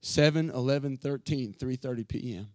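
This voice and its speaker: A pastor preaching an emotional sermon from the pulpit, earnest and building to fervent passages. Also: male voice, medium pitch, moderate pace, no room sound.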